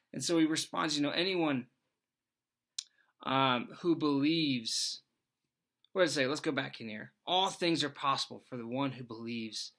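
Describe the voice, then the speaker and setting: A man's voice: medium pitch, a bit bright. An earnest man giving a short Bible devotional in a mid-range voice. He reads the passage aloud, then talks through his thoughts in a casual, conversational way. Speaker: devotional speaker. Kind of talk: Bible reading and devotional reflection.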